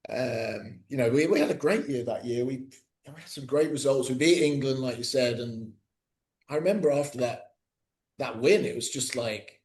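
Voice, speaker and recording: A middle-aged man, a podcast guest, speaking casually with many pauses, fillers and restarts. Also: mid-range voice, darkish tone. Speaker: guest, cricket coach.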